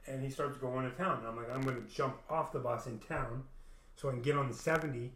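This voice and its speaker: A man's voice: mid-range voice, fairly even intonation, brisk, a bit bright. A man telling a long profane story in a rambling, casual way, acting out the dialogue. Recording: echoey room, mic at a distance.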